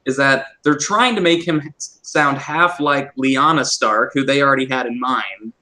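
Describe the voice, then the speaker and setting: A man's voice: medium pitch, moderate pace, pushed and bright. A man chatting casually as a podcast guest, laughing often and trying out accents. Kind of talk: casual chat.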